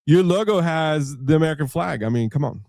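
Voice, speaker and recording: Joking male co-host, slightly high voice. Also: lively intonation, darkish tone, no room sound. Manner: joking, teasing, halting fillers. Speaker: radio co-host. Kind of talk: casual radio banter.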